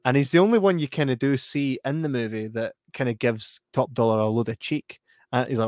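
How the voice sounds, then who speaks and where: A man co-hosting a relaxed film chat, lively and quick to act out scenes in silly voices. His voice sits at an ordinary middle pitch. The sound is dry and close, with no room around it. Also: no room sound. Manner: animated, acts out film lines in put-on voices, laughs often. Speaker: podcast co-host. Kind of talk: casual film review chat.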